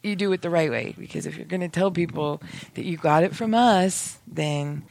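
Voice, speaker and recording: A man's voice: a little high, moderate pace, gravelly, darkish tone. A man co-hosting a podcast who works at a news office, chatting casually. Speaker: podcast co-host. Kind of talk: casual chat.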